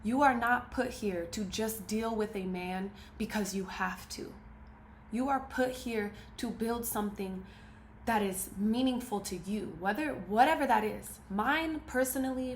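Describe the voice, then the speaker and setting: A woman's voice: medium pitch, a little slow. A woman speaks straight to camera in a motivational talk, pressing her points hard and circling back to the same phrases for emphasis. Her voice sits mid-range. The sound is roomy and echoey, with a faint ambient hum behind it. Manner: emphatic, preachy, repeats key phrases.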